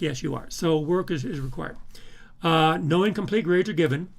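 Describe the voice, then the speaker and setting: A man's voice: on the high side, moderate pace, creaky. A male university professor walking through a course syllabus, emphatic, with frequent restarts and repeated words. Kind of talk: recorded syllabus walkthrough.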